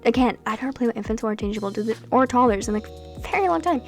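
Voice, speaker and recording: Young woman, casual gameplay voice-over, slightly high, rambling and animated, faint music under. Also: rapid-fire. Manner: chatty, rambling, animated asides. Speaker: Sims gameplay creator.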